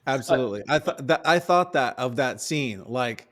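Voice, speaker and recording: A man's voice: medium pitch, animated, moderate pace, fairly bright tone. A man co-hosting a movie review podcast, playful and theatrical in casual chat. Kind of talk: casual film discussion.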